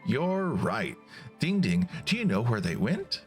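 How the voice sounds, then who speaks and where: A man's voice: medium pitch, sing-song, measured pace, soft background music. A man voicing an eager young woman heroine in a video game, reading her lines with curious energy.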